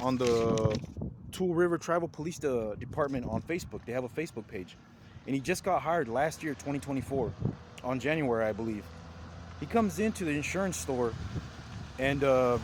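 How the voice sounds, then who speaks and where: A man's voice: a little high, noisy background. A man giving an angry, rambling complaint to camera, indignant and repetitive, swearing as he goes. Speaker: vlogger filing a complaint.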